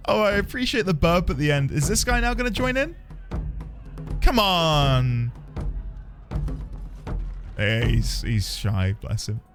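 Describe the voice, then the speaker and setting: A man's voice: high voice, huge pitch swings, slow, long pauses. A man streaming a video game live, chatting and joking as he plays and reading place names aloud. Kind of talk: live gameplay commentary. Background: game music.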